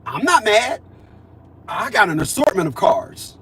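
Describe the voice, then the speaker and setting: A man in his fifties delivering a profane, preachy ranting monologue, repeating himself and swinging between loud declarations and low mutters. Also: sing-song, a little slow. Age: 50s. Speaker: vlogger.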